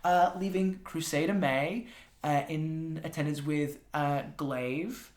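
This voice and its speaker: A man narrating a tabletop game as game master, hesitant with many pauses, sometimes dropping to a whisper. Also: on the high side, steady tone. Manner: hesitant, many ums, drops to whispers for asides. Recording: echoey room.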